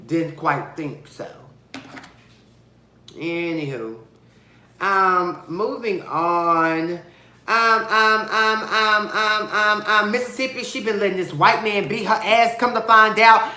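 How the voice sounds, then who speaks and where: Sassy, dramatic man in an echoey room. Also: slow. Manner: dramatic, sassy and expressive, with big swings of pitch and loudness; gossipy and blunt, with slang and profanity. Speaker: TV show reviewer. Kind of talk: casual vlog episode review.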